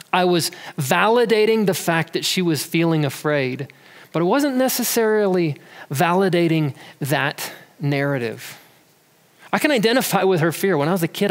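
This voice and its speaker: A pastor in his thirties delivers a sermon with a fairly high voice and relaxed, conversational storytelling. His voice rings through a church hall with a long reverb. He sounds like he is talking with the congregation more than lecturing them. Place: church sanctuary.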